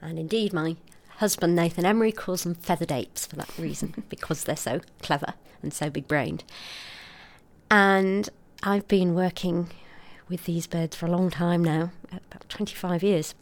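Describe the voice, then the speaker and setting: Woman, middle-aged, articulate interview guest; somewhat low pitch. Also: moderate pace. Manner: articulate, expressive storyteller. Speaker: scientist guest. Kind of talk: interview, explaining research.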